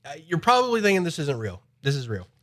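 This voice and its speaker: A man's voice: on the high side, wildly swooping pitch, quick pace, a bit bright. A man live streaming from home, chatting in a rambling way, his voice slightly nasal from a cold. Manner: rambling, chatty, repeats himself. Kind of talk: casual chat.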